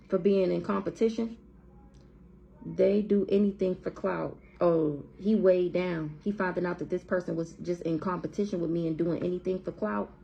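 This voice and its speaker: A woman's voice: medium pitch, gravelly, dull audio, a little hiss or hum. A woman with giving a blunt, profane, heated tarot reading to camera in a casual monologue. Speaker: tarot reader.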